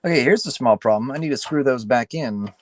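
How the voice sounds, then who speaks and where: Fairly quick and expressive, his mid-range voice carries over a little hiss or hum in a rough recording. He's a tired man streaming late at night as he builds a PC, rambling, swearing and mocking himself while he mutters through the work.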